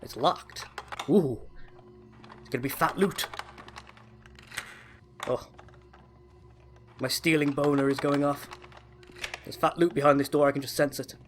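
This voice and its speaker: A man's voice: on the high side, steady tone, unhurried, pauses often, soft background music. Chatty man commenting on gameplay. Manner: chatty, enthusiastic, self-correcting. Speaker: let's play host.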